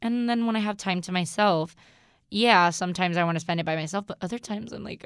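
A woman's voice: mid-range voice, a little fast, smooth, dry recording, studio quality. A young adult woman hosting her own podcast, talking in a rambling, candid way and often swearing and laughing. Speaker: podcast host. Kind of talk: casual solo podcast talk.

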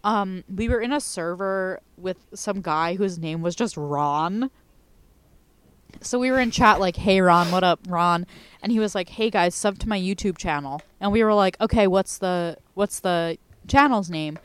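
A woman with a smooth, clear voice, chatting casually and telling funny anecdotes. She acts out quotes from other players in a playful tone. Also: lowish voice, unhurried. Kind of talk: casual chat.

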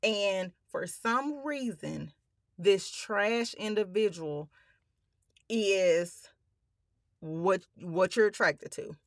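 A woman hosts a podcast in a medium-pitched voice, speaking very slowly with clean studio sound and no room echo. She shares her personal story with listeners, calling them y'all, swearing often, and speaking bluntly and emphatically while holding back tears.

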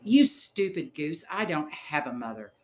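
A man's voice: on the high side, sing-song, measured pace. Elsie, a resentful jealous girl, voiced by a man. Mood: scornful. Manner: scornful, demanding. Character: bossy, resentful young girl, jealous and blunt. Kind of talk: audiobook reading.

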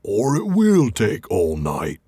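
A man voicing a slow, gruff, half-blinded male troll in a storybook reading, with a heavy drawl. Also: fairly low pitch, wildly swooping pitch, mellow, no room sound, clean studio sound, heavily acted. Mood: grumbling.

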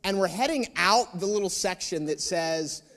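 A male pastor preaching, telling a personal story in an animated, self-mocking way with asides to the room. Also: high voice, moderate pace.

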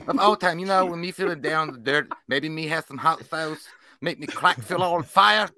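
A man's voice: a little high, normal speed, bright, forceful tone, no room sound, voice pushed up. A man putting on a goofy baby-talk voice for a male monster with broken grammar. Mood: silly.

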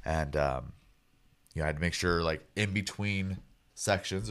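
Very deep-voiced, laid-back man. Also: fairly even intonation, measured pace, clear, resonant tone. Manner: laid-back, hesitant, with fillers and dry jokes. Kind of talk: casual chat.

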